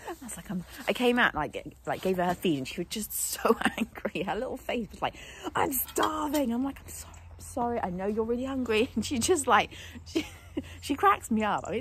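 Young woman, low voice, chatty vlog, rambling, faint outdoor hum. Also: creaky. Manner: chatty, rambling, laughs often. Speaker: vlogger, horse owner. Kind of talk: casual chat to camera.

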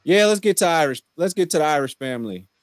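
A man's voice: fairly high pitch, expressive, fast, no room sound, clean studio sound. A young man co-hosting a casual TV recap chat, joking in laid-back banter and laughing often. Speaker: show co-host.

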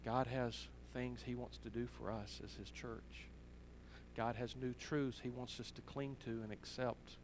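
A man's voice: medium pitch, flat delivery, measured pace, noisy background. A man, a pastor, giving an earnest sermon directly to his church. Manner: earnest storytelling, direct address.

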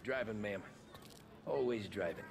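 A world-weary, laconic cab driver. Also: male voice, fairly low pitch, lively intonation, unhurried, vocal fry, crowd noise. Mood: dry. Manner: laconic, reflective, polite. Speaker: taxi driver narrating his past. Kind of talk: game voice acting with narration.

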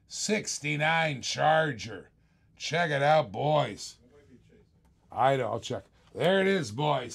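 An older man with a gravelly, somewhat high voice hosts a live-stream toy car auction. He is chatty and enthusiastic, repeating lines as he shows each car.

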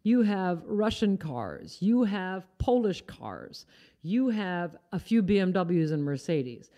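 A woman's voice: fairly low pitch, sing-song, takes it slowly, dark tone. A woman from Iowa hosting a live music stream, chatting casually and explaining things as she goes. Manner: chatty, explaining, trails off and restarts. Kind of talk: casual chat.

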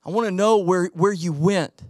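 A middle-aged man preaching a sermon as pastor, telling animated stories and acting out the voices in them. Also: sits high, normal speed, dry recording, clean studio sound. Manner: animated storytelling, acts out quoted voices.

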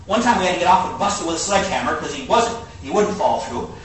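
A man preaching a sermon, telling a folksy story in an animated way and swinging between quiet low asides and high exclaims. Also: fast. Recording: echoey hall from far off, faint hiss.

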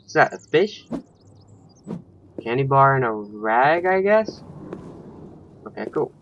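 A man's voice: medium pitch, very animated, takes it slowly, fairly bright tone, dull audio. A man giving let's play commentary, thinking aloud and swearing when startled. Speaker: gaming channel host.

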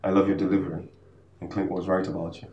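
A man's voice: low-pitched, little pitch movement, fast, echoey room, distant mic, muffled recording, slight background noise, close to an everyday voice. An actor playing a friendly, easygoing man who has come home and is starting a business. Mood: businesslike.

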